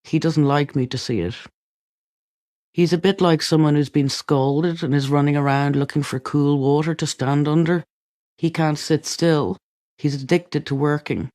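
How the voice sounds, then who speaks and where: A man reading a memoir aloud, calm, even and unhurried, on a close studio mic. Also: a little high, dry recording. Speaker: audiobook reader.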